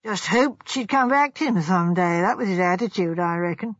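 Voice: mid-range voice, lively intonation, normal speed, a bit bright, no room sound, muffled recording. A reader voicing a blunt, matter-of-fact village police inspector in an audiobook. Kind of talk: audiobook character voice.

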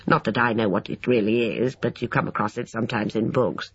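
A reader voicing a chatty, cheerful young Englishman who rambles eagerly, in a husky voice. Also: mid-range voice, steady tone, a little fast, no echo, lo-fi sound, voice pushed down. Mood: breezy.

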